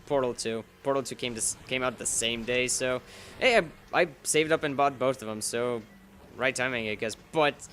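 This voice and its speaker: A man's voice: medium pitch, moderate pace, fairly bright tone, faint music behind. A man giving casual, rambling playthrough commentary, sarcastic, with sudden emphatic bursts. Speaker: gaming YouTuber.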